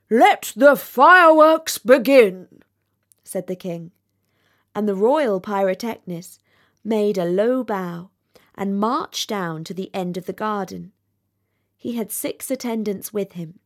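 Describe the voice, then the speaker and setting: Slow, measured woman reading a fairy tale. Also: medium pitch. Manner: measured, expressive storytelling. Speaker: narrator. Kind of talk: storybook reading.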